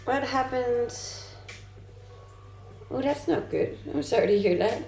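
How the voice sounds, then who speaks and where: A woman's voice: fairly high pitch, expressive, measured pace, gravelly, mellow. A young adult woman streaming live, chatting casually and reading comments aloud with easy laughs. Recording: roomy sound with faint music behind.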